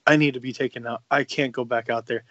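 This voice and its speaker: A man's voice: mid-range voice, fairly even intonation, quick pace, a bit bright, highs cut off. A young man, a podcast co-host, telling a long, laid-back, profane story in casual chat and acting out the lines he quotes.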